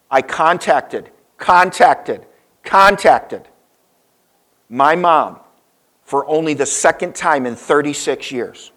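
A man preaches to his congregation, telling a story with pauses and sudden emphasis. His voice sits a little high for a man. He pushes up loud on key points, then falls soft and low. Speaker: pastor. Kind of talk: sermon.

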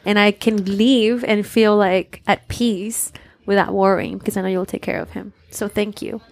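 A woman's voice: medium pitch, fairly even intonation, moderate pace, gravelly, darkish tone. A young adult woman, a mother, talking earnestly and from the heart in casual conversation. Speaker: cast member and mother. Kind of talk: casual chat.

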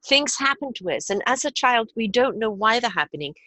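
Woman, bright tone, dry close sound, reflective casual talk. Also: a little high, expressive, brisk, no room sound. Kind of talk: casual conversation.

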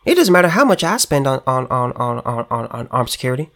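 A man's voice: mid-range voice, sing-song, fairly quick, a bit bright. A man putting on a mocking impression of a self-righteous female politician, in a sarcastic, emphatic tone.

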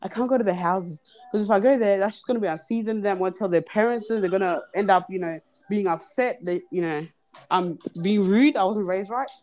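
Young woman telling an animated story. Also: medium pitch, a little fast. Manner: animated, acts out quoted voices. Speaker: podcast guest. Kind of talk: casual storytelling chat. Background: children in the background.

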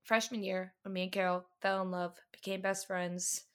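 A woman's voice: mid-range voice, little pitch movement, moderate pace, fairly bright tone, smooth. A young woman from the northern US co-hosting a podcast in casual chat, chatty and self-deprecating, laughing often. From northern United States. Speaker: podcast co-host.

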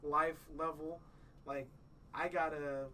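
A man's voice: on the high side, little pitch movement, slow, bright, forceful tone, recorded from a distance, a little hiss or hum, low-quality recording. A man in his thirties hosting a podcast, chatting casually in a rambling way and telling stories. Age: 30s. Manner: rambling, restarts often, tells stories. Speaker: podcast host. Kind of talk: casual chat.

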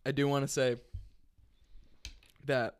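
Upbeat man with a smooth voice. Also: mid-range voice, level tone, takes it slowly, no room sound, clean studio sound. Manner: upbeat, reasoning, plays devil's advocate. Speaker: podcast co-host. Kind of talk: casual sports podcast banter.

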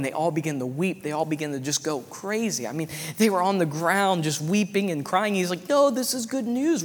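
A man preaching a sermon in a slightly high voice, his words ringing out in a long, hall-like reverb. He speaks fervently and repeats his points, punctuating them with amens and hallelujahs.

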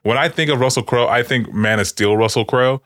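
A man's voice: medium pitch, brisk, fairly bright tone, no echo, clean studio sound. Rambling man chatting about a movie. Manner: rambling, swearing, frequent fillers. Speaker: podcast co-host. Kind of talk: casual movie discussion.

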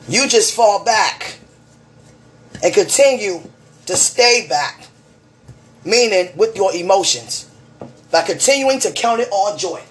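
A woman's voice: medium pitch, expressive, unhurried, long pauses, a little hiss or hum. Fervent woman preaching a spiritual message. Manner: fervent, preaching, repeats phrases. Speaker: person giving a spiritual message. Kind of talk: emotional spiritual monologue to one listener.

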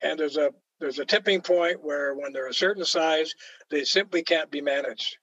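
A man's voice: fairly high pitch, normal speed, fairly bright tone, no room sound. Emphatic Canadian man, dull dry recording. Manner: storytelling, emphatic, acts out quoted voices. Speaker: author guest. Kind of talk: opinionated conversation.

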